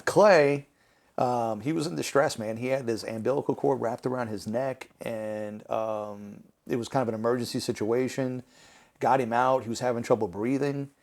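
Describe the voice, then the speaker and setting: Man telling lively stories. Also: medium pitch. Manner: animated, laughing through anecdotes, acting out quotes. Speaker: podcast guest, prosecutor. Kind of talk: conversational storytelling.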